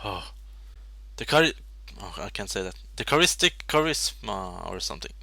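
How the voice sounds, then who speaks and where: Excitable young man with a bright, lively voice. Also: low voice, normal speed, creaky, no room sound. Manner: excitable, swears and laughs at his own slips. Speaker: gameplay commentator. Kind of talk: casual game commentary.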